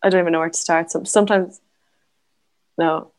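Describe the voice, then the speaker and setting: An Irish woman, the guest on an interview podcast, chatting casually and laughing easily. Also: fairly low pitch. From Galway, Ireland. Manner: giggly, animated, quick to laugh. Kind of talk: casual chat.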